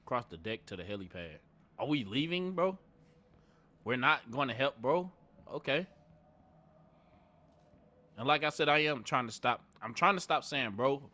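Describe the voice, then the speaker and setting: A man's voice: medium pitch, bright, forceful tone. Chatty young man commenting on gameplay. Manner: laid-back, chatty, swears a lot. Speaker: gaming streamer.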